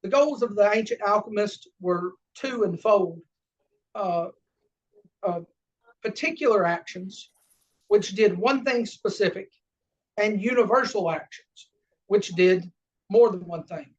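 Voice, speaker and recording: A man with a Southern American accent giving an unscripted lecture, halting often with fillers and self-corrections. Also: high voice. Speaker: lodge education lecturer. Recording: distant, dull lo-fi room recording.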